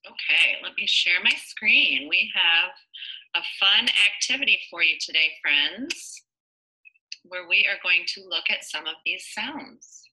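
A woman teaching young children phonics online, sounding out letters one by one and asking gentle questions. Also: fairly low pitch, expressive, low-quality recording. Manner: slow, sound-by-sound modeling. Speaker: preschool teacher.

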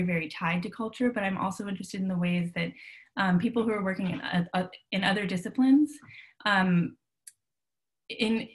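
A woman's voice: on the low side, creaky. A woman leading a live online workshop, talking casually over a video call with many ums and restarts. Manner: casual, filler-heavy, with frequent restarts. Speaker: workshop leader. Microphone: computer mic on a video call.

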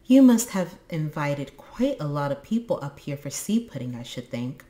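Kindly storybook mother troll, polite but hurried, a woman reader doing the voice. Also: sits low, very animated, mellow, echoey room. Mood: gentle. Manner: polite, motherly, briskly eager.

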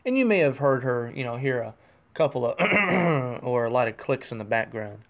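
A man's voice: medium pitch, sing-song, normal speed. A man hosting a casual solo podcast, rambling and breaking off mid-thought, recorded on a gaming headset microphone in a room at home. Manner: rambling, self-interrupting, chuckling. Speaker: podcast host. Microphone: USB gaming headset microphone.

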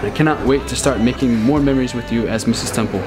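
A man's voice: mid-range voice, fast talker. A young man in his twenties, a groom, reading a love letter and his wedding vows in a tender, earnest way. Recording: with music playing over it.

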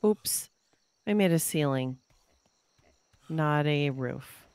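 A woman's voice: sits low, expressive, takes it slowly, long pauses, darkish tone, smooth. A young woman streaming a survival game, chatting casually, thinking aloud as she builds and thanking viewers from chat. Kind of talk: casual live-stream chat while playing.

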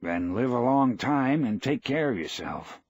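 A man reading the part of an elderly, proud, gentle fisherman, speaking plainly and quietly. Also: mid-range voice, animated, unhurried, slightly rough, no room sound, lo-fi sound, voice pushed up.

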